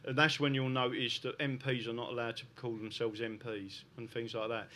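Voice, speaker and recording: A man's voice: medium pitch, level tone, brisk, bright, forceful tone. A man with a South London accent talking emphatically to a live audience, often tagging his points with "right?". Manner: emphatic, keeps adding "right?". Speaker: guest speaker. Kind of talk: live podcast talk to an audience.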